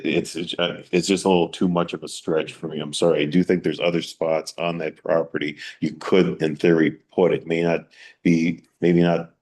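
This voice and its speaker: A man chairing a town planning meeting, plainspoken and halting, often restarting his sentences. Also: sits low, darkish tone. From Long Island, New York. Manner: hesitant, repeats himself, plainspoken. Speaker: commission chair. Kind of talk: public meeting deliberation.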